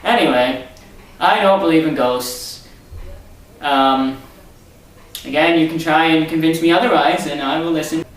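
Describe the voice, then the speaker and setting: Speaking off-mic in an echoey room with faint hiss, this vlog host rambles sarcastically through a casual monologue. His voice is a little high and unhurried, broken by long pauses, and he's distant from the microphone.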